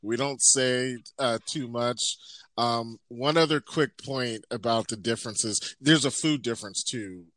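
A man's voice: mid-range voice, unhurried, fairly bright tone, dry recording. A man of forty from Southern California in a casual chat, telling rambling stories full of fillers and restarts. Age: 40s.

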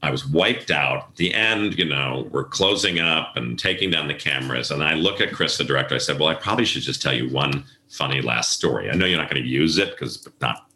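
A man's voice: very deep voice, fairly quick, few pauses, sharp tone. A middle-aged man, an event planner, telling stories in a casual interview and acting out the voices of people he quotes. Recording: echoey room.

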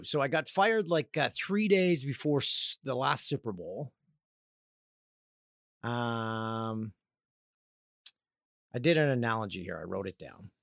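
A man's voice: medium pitch, fairly bright tone, no echo, clean studio sound. A man in his forties hosting a podcast, talking in a rambling, candid casual monologue. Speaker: podcast host.

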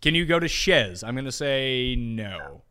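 A man co-hosting a casual sports talk podcast, animated, and at times bursting into loud shouting. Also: medium pitch, unhurried, clear, resonant tone. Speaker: podcast co-host.

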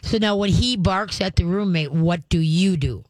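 An older radio host in a studio gives callers dog-training advice, joking casually and often checking in with "okay?". The voice is mid-range at a moderate pace, with no echo.

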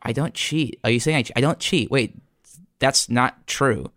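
A man's voice: medium pitch, normal speed, a bit bright, dry recording, studio quality. A young man in an improvised comedy scene, talking in a defensive, flustered and pleading way.

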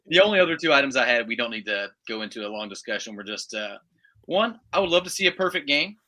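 A man's voice: medium pitch, big pitch swings, fairly quick, sharp tone. A young man co-hosting a casual sports podcast, laid-back and wry. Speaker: podcast co-host.

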